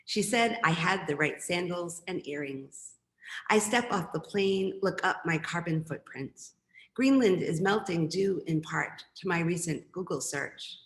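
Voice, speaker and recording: Woman poet, lowish voice, casual rambling intros, roomy echoey sound. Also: unhurried. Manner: chatty, rambling asides with laughs. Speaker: poet and professor. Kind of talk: poetry reading with casual asides.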